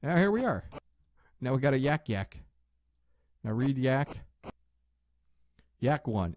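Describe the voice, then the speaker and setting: A man casually commenting as he plays an old adventure game, relaxed and chatty, with jokey asides. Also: medium pitch, dry recording, studio quality. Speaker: let's play host.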